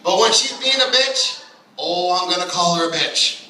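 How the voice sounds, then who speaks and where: Far from the mic on a small club stage, a crude, brash stand-up rattles through an open mic set in a high, bright voice that rings off the walls. His intonation is lively, his delivery quick and loose, with occasional bursts of shouted character voices.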